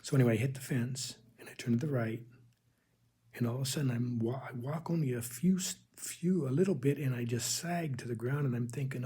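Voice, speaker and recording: A man recounting a spiritual vision as a testimony, speaking earnestly with halting restarts and calling his listeners "people". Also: medium pitch, mellow, slightly rough. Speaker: religious video host.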